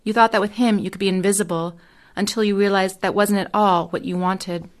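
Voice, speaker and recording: A woman novelist giving a measured reading of her own second-person fiction. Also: medium pitch, steady tone. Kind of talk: literary reading.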